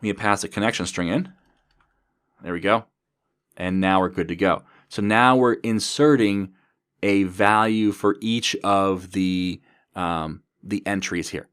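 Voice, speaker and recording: A man's voice: deep voice, steady tone, unhurried, fairly bright tone, smooth. A man giving a coding tutorial, talking through each step as he types. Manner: methodical, talks through code as he types. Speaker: programming instructor.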